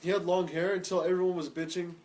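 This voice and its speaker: A man's voice: high voice, level tone, fast, a little mellow, slight background noise. A young man co-hosting a podcast in casual chat, crude and joking, often laughing through his stories. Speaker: podcast co-host.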